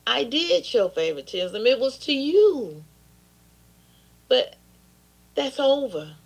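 A woman's voice: high voice, sing-song, takes it slowly, breathy edge. A woman pastor preaching an impassioned sermon, often turning into pleading prayer.

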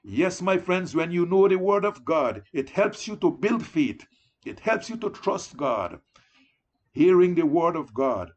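Lively, high-pitched male preacher. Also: unhurried, highs cut off. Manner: exhorting, repeatedly addressing listeners as beloved. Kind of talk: sermon.

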